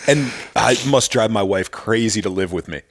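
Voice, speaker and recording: A man's voice: fairly low pitch, normal speed, crowd noise. A man guesting on a podcast, talking in an easygoing, candid way. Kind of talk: casual chat.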